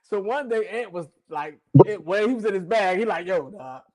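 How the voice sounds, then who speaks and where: A man's voice: high-pitched, moderate pace, a little mellow, low-quality recording. A man with a Philadelphia accent hosting a casual chat, telling a story in loose street slang and laughing often. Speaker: host.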